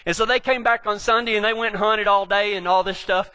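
A man with a West Texas drawl preaches in a high voice, wandering through cowboy yarns with plenty of jokes. His tone is bright and forceful, and his speech is packed with ranch slang. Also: steady tone, quick pace. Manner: folksy, rambling, joking, with cowboy slang. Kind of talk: storytelling sermon to a live audience.

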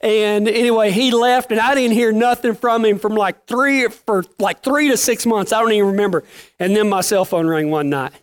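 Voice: medium pitch, normal speed. A working cowboy telling stories casually, in a folksy, plain-spoken way with rural slang. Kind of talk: casual storytelling.

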